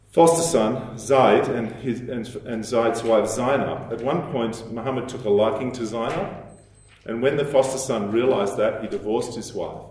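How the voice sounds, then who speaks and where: A man giving a recorded lecture, explaining at a measured pace and quoting sources, with some fillers. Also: medium pitch, darkish tone. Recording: very echoey room.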